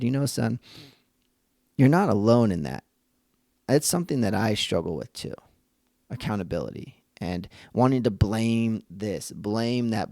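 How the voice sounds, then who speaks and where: Earnest gravelly-voiced man talking. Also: on the low side, a little mellow, no echo, clean studio sound. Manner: earnest, conversational with frequent restarts. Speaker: podcast host. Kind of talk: casual reflective monologue.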